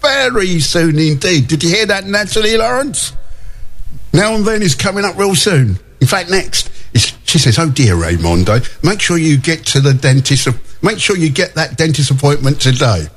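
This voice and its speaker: A man's voice: on the high side, lively intonation, normal speed. A male radio host chatting and reading out listener messages in a jokey way, laughing often.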